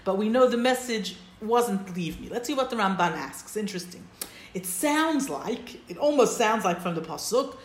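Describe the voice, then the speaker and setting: A woman's voice: mid-range voice, expressive, normal speed. A woman teaching a text-study class, explaining step by step and checking in with her listeners. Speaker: Torah teacher. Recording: roomy echo.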